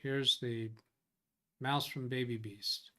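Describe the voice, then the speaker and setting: A tech support livestream host rambles through a casual chat, reading viewer comments aloud, thinking as he goes, and correcting himself. He speaks slowly in a medium-pitched, sharp-toned voice with fairly even intonation.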